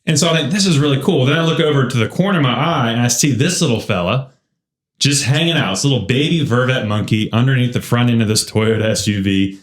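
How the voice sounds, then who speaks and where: A man hosting a church podcast, telling a story in a lively, casual way and laughing often. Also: medium pitch, quick pace. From United States. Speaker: podcast host. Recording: roomy echo.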